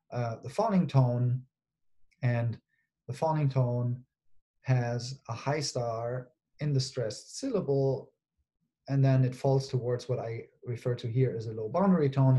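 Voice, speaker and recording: A man presenting an academic conference talk, explaining step by step with pauses and frequent checks like "right?". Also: medium pitch, dark tone. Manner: hesitant, with frequent pauses and fillers.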